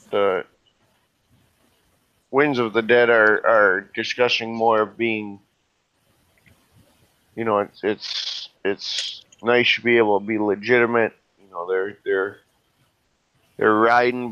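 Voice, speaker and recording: A man with a fairly low voice narrates a tabletop game as its game master, stumbling through restarts and fillers as he goes. The sound is dry and somewhat dull, as if from a modest mic. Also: a bit bright, no room sound. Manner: halting, full of fillers and restarts.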